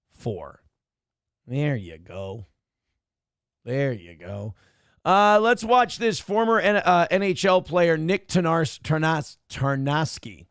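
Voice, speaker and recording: Minnesota guy hosting a morning stream, gravelly voice, slow and rambly, swears a lot, dry close sound. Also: a little high, no room sound. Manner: rambling, swears, thinks aloud. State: a little out of breath. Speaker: host of a morning show. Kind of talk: casual live-stream chat.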